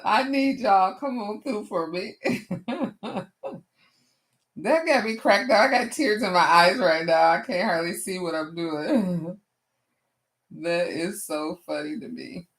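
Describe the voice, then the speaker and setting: Speaking in a lowish voice, this craft livestream host takes things slowly and pauses often. She laughs at herself a lot, talks back to her chat, and drops a Southern "y'all" as she chats casually with viewers.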